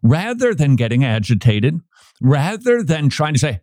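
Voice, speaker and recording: Animated male radio host, dry studio sound. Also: on the high side, unhurried, dry recording. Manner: lively, acts out quoted voices, repeats words. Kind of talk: animated radio talk, preaching.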